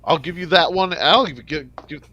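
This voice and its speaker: A man's voice: on the high side, moderate pace, bright, forceful tone. A man running a tabletop game as game master, narrating in a loose, joking, profane way.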